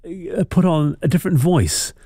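A man's voice: a little high, moderate pace, warm tone, dry recording, clean studio sound. A man hosting a talkback radio show, chatty and laughing often with callers. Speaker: radio host.

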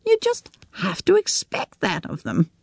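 A woman reading a story on the radio, voicing a practical friend who talks briskly and bluntly. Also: extremely high pitch, wildly swooping pitch, vocal fry, no echo, clean studio sound, pitched above the performer's own voice, heavily acted. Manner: brisk, no-nonsense.

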